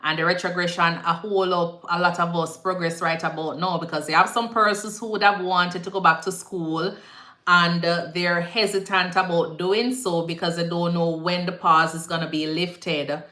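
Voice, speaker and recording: A woman's voice: on the low side, fairly even intonation, moderate pace, sharp tone. A young woman with a Jamaican accent, a nurse hosting a casual live Q&A and mixing patois phrasing into her advice. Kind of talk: casual live-stream chat. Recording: echoey room.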